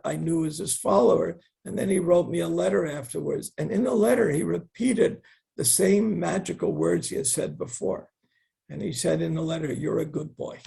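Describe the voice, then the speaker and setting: A man's voice: fairly high pitch, creaky, warm tone, husky. An older man telling stories as an interview guest, earnest and reflective, with wry asides. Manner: earnest, wry asides, quotes others in a raised voice. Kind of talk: reflective storytelling.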